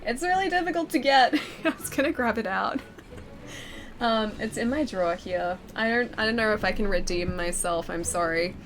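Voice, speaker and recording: A woman's voice: fairly high pitch, normal speed, soft background music. A woman with a cold and a nasal voice, chatting casually with viewers on a live stream, giggly and self-deprecating, on a close mic with a pop filter in a home gaming room. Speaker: game streamer. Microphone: close studio mic with pop filter.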